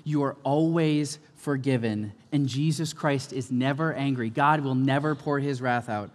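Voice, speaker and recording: A man preaching a sermon as a pastor, impassioned, moving between hushed moments and forceful ones. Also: medium pitch, unhurried. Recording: long reverb of a large hall.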